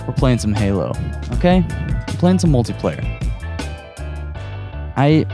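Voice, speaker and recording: A young man hosting a casual solo podcast while playing a video game at home, rambling and self-deprecating, a bit out of breath. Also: medium pitch. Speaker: podcast host. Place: his room at home. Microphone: audio recorder.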